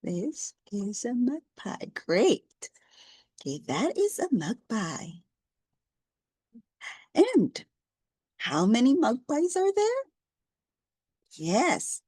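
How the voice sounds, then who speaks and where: Slow, lively woman teacher with a husky voice. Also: on the high side, dry recording, clean studio sound. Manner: speaks slowly, repeats words, mimics animal sounds. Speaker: online English teacher. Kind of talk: slow, encouraging lesson for a young learner.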